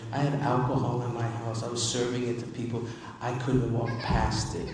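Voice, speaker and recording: A man's voice: medium pitch, a little mellow, a little hiss or hum. Man telling his story in an echoey hall. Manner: conversational and emphatic, repeats key lines, addresses the crowd. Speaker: recovery convention speaker. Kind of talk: personal testimony talk to a live audience. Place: large convention hall. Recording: distant echoey convention hall recording.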